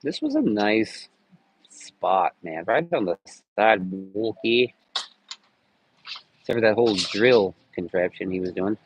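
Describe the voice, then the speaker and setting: A man's voice: on the low side, very animated, unhurried, long pauses, a little hiss or hum, low-quality recording. A man chatting casually on a live stream, rambling and joking with lots of cursing. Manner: crude, rambling, jokey with frequent cursing.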